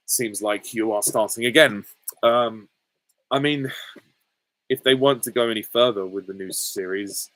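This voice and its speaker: Male host from England, casual Q and A, low voice, dry close sound, hesitant and rambling. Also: a bit bright, no room sound, poor audio. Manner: rambling, hesitant, many ums and chuckles. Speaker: channel host answering viewer questions. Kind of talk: casual Q and A chat.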